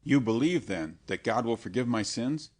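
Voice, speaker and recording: A man's voice: mid-range voice, lively intonation, normal speed, a little mellow, close to an everyday voice. A man reading an audiobook and voicing a dying nobleman who pleads in fear for forgiveness. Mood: pleading. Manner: anguished, imploring. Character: dying Renaissance lord, frightened and pleading man.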